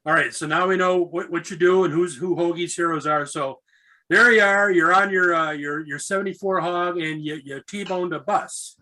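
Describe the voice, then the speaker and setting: Bright-voiced man hosting a chat. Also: fairly high pitch, fairly even intonation, normal speed, rough recording. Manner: easygoing, repeats words while leading questions. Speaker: podcast host. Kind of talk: casual interview.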